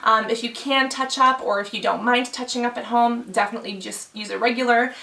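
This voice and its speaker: Bright, gravelly-voiced woman vlogger. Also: a little high, fairly even intonation, fairly quick, reverberant, distant mic. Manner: chatty, thinking aloud with many fillers. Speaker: beauty vlogger. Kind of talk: casual explainer talk to camera.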